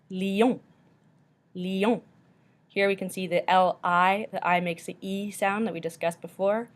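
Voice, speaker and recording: A woman teacher slowly walking through a pronunciation lesson, repeating each word carefully. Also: lowish voice.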